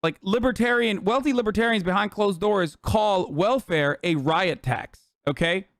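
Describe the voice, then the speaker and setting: A man's voice: sits high, moderate pace, a bit bright, no echo, clean studio sound. A male streamer ranting heatedly and sarcastically about politics to his chat, swearing often.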